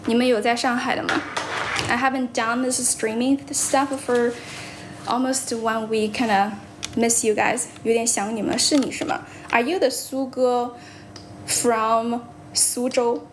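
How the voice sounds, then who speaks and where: Young woman streamer chatting w viewers, blunt n teasy, lightly high voice, faint noise behind. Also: steady tone, measured pace. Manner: chatty, blunt, laughs often, teasing. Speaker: livestream host. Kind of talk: casual livestream chat, mixing English and Chinese. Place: based in Shanghai.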